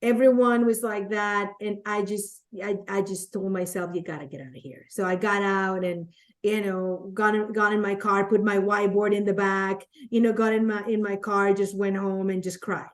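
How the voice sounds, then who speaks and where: Latina woman, podcast guest, mid-pitched voice, lively storyteller. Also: normal speed. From Latin America. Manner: animated, acts out quotes. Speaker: guest, network marketer. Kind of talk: conversational storytelling.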